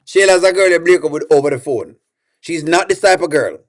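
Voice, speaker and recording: A man hosting a comedic reaction video. He teases and repeats himself in an animated way while he laughs. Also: a little high, fairly quick.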